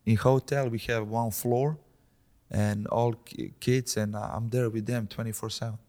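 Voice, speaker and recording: A man in his thirties from Slovenia, speaking English with a Slovenian accent as a podcast guest, talking in a relaxed way and often repeating words as he searches for them. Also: medium pitch, unhurried. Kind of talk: casual conversation.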